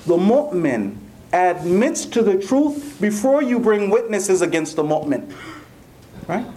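A man preaching a sermon, an animated storyteller who mixes in jokes and often asks his listeners "right?". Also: high voice, unhurried. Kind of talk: Ramadan sermon with humorous anecdote.

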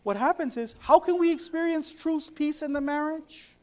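A man's voice: extremely high pitch, moderate pace, dark tone. A man preaching a sermon to his congregation, mixing humorous stories with recited Arabic verses.

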